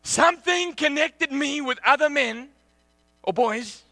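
A middle-aged man preaching with lively, story-driven energy. His voice sits high and bright, with a gravelly edge, and is recorded close and dry. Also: measured pace, dry recording. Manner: animated, shouting and laughing through anecdotes. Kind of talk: sermon with storytelling.

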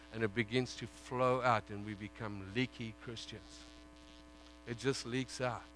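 A man preaching a sermon, swinging from loud pleading to hushed, intimate prayer. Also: mid-range voice, slight background noise.

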